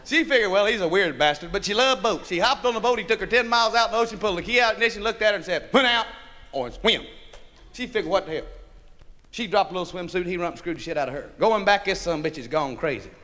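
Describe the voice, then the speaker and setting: A stand-up comedian telling a raunchy, profane joke and laughing along with it. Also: male voice, sits high, very fast, hardly any pauses, sharp tone. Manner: raunchy, profane, laughing at his own jokes.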